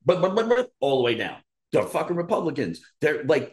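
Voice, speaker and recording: A man's voice: on the high side, a little fast. A man co-hosting a casual podcast, ranting with lots of swearing and heated storytelling. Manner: profane, animated ranting. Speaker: podcast co-host.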